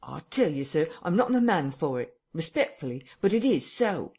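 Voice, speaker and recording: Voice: mid-range voice, very animated, normal speed, a little mellow, slightly rough, pitched above the performer's own voice. A reader voicing a frightened, self-pitying tramp who whines and complains near tears. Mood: whining. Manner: whining, tearful, complaining.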